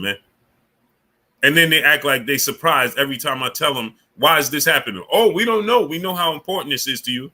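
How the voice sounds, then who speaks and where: On his laid-back livestream, this host speaks in a mid-range voice that sounds pushed and bright. He calls out viewers by name and complains with indignation about the platform.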